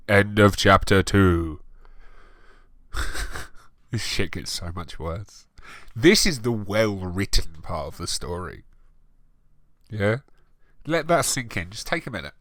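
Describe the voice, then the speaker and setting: A man's voice: sits low, lively intonation, takes it slowly, sharp tone, dry recording. A man giving a comedic reading of a bad story, breaking off for sarcastic, sweary, exasperated asides. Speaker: reader and commentator. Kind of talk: comedic dramatic reading with commentary.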